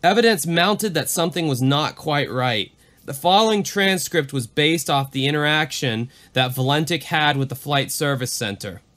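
Animated man hosting a mystery podcast. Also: a little high, moderate pace. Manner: animated, leaning into the creepy parts. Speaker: podcast co-host. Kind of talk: casual podcast chat and reading.

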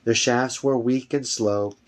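A man reading a fantasy novel aloud at home, steady with small slips and corrections. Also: mid-range voice, takes it slowly. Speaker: reader.

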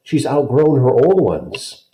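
A man voicing a patient, gentle mother in a storybook reading, speaking soothingly. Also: medium pitch, sing-song, slow pace, reverberant, pitched above the performer's own voice. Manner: soothing, explaining.

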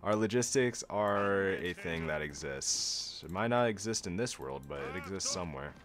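A young man giving casual, sarcastic gameplay commentary as a video host, often laughing at himself and going deadpan when joking. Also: low-pitched, normal speed. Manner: flat monotone when joking.

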